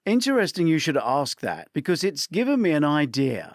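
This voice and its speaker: A man's voice: a little high, sing-song, normal speed, no echo, clean studio sound. A man voicing a teasing older detective with a British accent in a spoken audiobook. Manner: playful, teasing.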